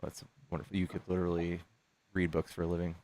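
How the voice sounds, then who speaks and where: A man's voice: low voice, monotone, quick pace, a little mellow. A man hosting a casual debate stream, talking loosely with many fillers and restarts. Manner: casual, hesitant, lots of fillers. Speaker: stream host.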